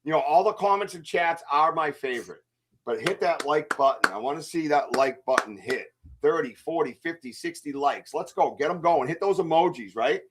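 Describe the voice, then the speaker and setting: A man's voice: on the high side, lively intonation, moderate pace, noisy background. A man hosting a casual livestream podcast, hyper and joking as he reads out chat comments. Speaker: podcast host.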